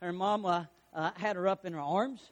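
A pastor preaching a sermon, fervent and rising to shouts, putting questions to the congregation. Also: male voice, high-pitched, steady tone, normal speed.

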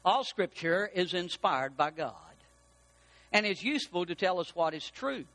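A man preaching a sermon as pastor, with emphatic repetition that builds toward shouting. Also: sits high, expressive, unhurried.

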